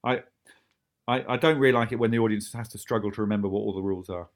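A man, the creator of a show, chatting casually about making it, quick and often laughing. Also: on the low side, fairly even intonation. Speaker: show creator talking about his series. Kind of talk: casual podcast chat.

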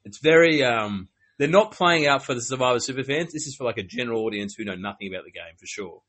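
A man's voice: medium pitch, expressive, fast, fairly bright tone. A man co-hosting a casual podcast, rambling and jokey. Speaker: podcast co-host.

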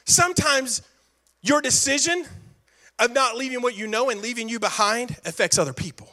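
A man's voice: extremely high pitch, moderate pace, pushed and bright. A man pastor preaching a sermon with emphatic repetition and playful asides.

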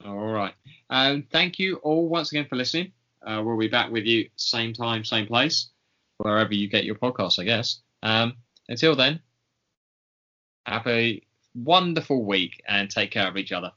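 A man's voice: medium pitch, normal speed, pushed and bright. A man hosting a podcast in casual chat, hesitant and full of fillers. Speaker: podcast host. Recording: dull lo-fi recording.

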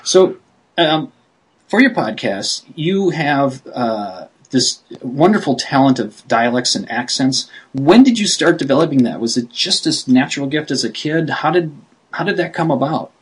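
A mid-pitched man with a slightly husky voice interviews his guest with open enthusiasm. He rambles through his questions in a loose, chatty way. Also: lively intonation, unhurried, rough recording. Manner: eager and enthusiastic, laughs easily, rambling questions. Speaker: radio show host, interviewer. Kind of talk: casual interview.

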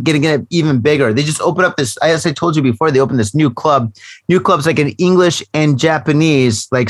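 A man hosting a podcast, spinning a wild, profane story with lots of animation and constant "right?" check-ins. His voice sits a little high. The sound is dry and close. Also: a bit bright, no room sound. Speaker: podcast host. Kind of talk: casual storytelling chat.

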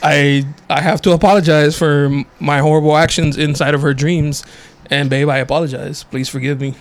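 A man's voice: on the high side, flat delivery, normal speed. A young man co-hosting a podcast, casual and joking, laughing often and swearing freely. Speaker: podcast co-host. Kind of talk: casual chat.

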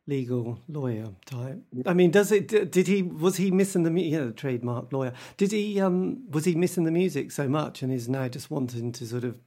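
A male interviewer reacting with enthusiasm and asking halting, rephrased questions. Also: a little high, animated, warm tone. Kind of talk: casual interview.

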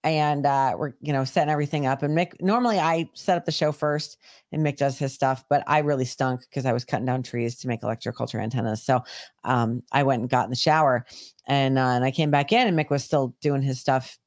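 A woman's voice: extremely low pitch, fairly quick, no echo, studio quality. A woman co-hosting a podcast, telling a long casual story with lots of swearing. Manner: profane, animated storytelling. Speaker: podcast co-host. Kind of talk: casual chat.

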